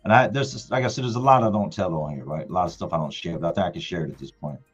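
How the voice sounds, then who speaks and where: Talking very fast, a middle-aged man with a husky, low voice relates a story about his family on a laid-back live stream, as a father would. He emphasizes and repeats his words, and faint music sits under the dull, lo-fi recording.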